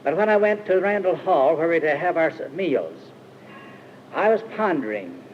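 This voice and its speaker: An older man from Iowa gives an informal storytelling sermon at a Christian retreat camp, halting often with uh and restarting his phrases. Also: fairly high pitch, very animated, slight background noise. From Iowa, USA. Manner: rambling, halting, with many uh-hesitations and restarts. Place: camp meeting hall. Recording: dull 1950s archive recording.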